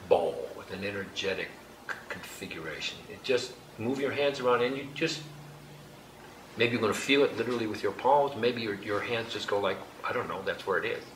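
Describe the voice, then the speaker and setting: A man leading a group exercise in a hall, giving slow, gentle instructions with light laughter. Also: fairly low pitch. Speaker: workshop leader. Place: hall with an audience. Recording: echoey room, background noise.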